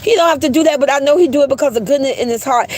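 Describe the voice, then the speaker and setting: Talking rapid-fire in a high, slightly mellow voice, a woman runs a casual livestream and says hello to her chat. Her style is blunt, profane, and full of laughter as she reads comments out loud.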